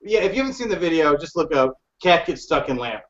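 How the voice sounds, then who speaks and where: A man's voice: on the high side, very animated, fast talker. A man co-hosting a podcast in casual chat, telling a rambling story with a laugh and some swearing. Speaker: podcast co-host. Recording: dull lo-fi podcast audio.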